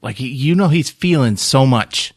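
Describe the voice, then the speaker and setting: A man's voice: medium pitch, lively intonation, normal speed, no echo, clean studio sound. A man co-hosting a podcast, making laid-back, joking comments in casual chat. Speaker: podcast co-host.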